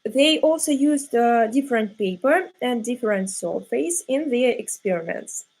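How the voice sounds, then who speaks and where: A woman's voice: a little high, animated, measured pace, darkish tone. A teenage girl giving a hesitant, formal critique as a tournament opponent over a video call, with many filler sounds. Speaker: opponent in a student science tournament.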